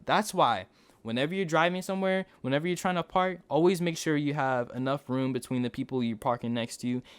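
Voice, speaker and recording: A man's voice: medium pitch, smooth. Slangy man telling a story. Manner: slangy, animated retelling with side tangents. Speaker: storytime YouTuber. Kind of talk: casual storytelling.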